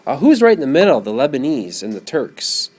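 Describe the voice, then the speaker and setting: A man giving a classroom lecture, animated and often putting questions to his students. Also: medium pitch, a little fast, breathy edge.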